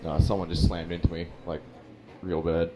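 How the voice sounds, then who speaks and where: A man's voice: low voice, flat delivery, normal speed, mellow, slight background noise, low-quality recording. A man racing with friends, chatting casually over voice chat with dry, laid-back jokes. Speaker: fellow racer on voice chat.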